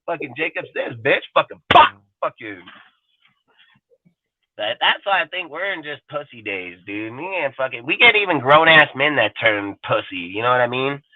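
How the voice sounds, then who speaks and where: A man's voice: mid-range voice, very animated, normal speed. Foul-mouthed man ranting over a tinny line. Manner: aggressive, heavy swearing, mimics people mockingly. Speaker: live show host. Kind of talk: profane casual rant.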